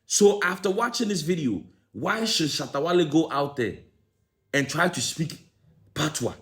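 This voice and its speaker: A man's voice: a little high, expressive, normal speed, a bit bright. A man with a Ghanaian accent tinged with American, delivering an opinionated commentary full of rhetorical questions. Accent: Ghanaian English with some American. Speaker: entertainment commentator. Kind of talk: opinionated monologue.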